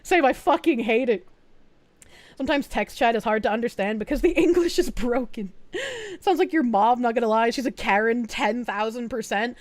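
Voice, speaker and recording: A young woman with a high, girlish voice, chatting to her stream audience. She rambles through her points, peppers them with fillers and swears, and keeps breaking into giggles. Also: normal speed, darkish tone. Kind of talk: casual livestream chat.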